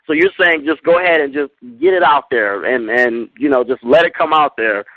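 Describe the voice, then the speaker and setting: A man's voice: mid-range voice, a little fast, no echo. A man hosting an interview show, chatting with a guest in a friendly way, often affirming her and laughing. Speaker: radio show host. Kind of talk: casual interview talk. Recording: dry, dull lo-fi online radio audio.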